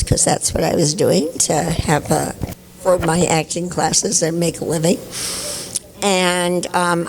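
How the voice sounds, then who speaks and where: An older actress at a convention panel, telling chatty, anecdotal stories and laughing often. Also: female voice, on the low side, vocal fry, rough recording.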